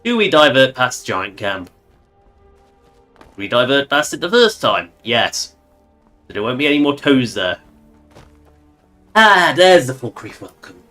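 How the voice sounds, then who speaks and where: A man's voice: mid-range voice, big pitch swings, measured pace, pauses often, bright, forceful tone, soft background music. A man giving casual, sarcastic, rambling commentary while he plays a game on stream.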